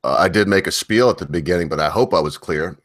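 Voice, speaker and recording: A man's voice: deep voice, quick pace, no echo, studio quality. A man hosting a casual online stream, talking in a rambling way with many fillers and laughs. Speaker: podcast host.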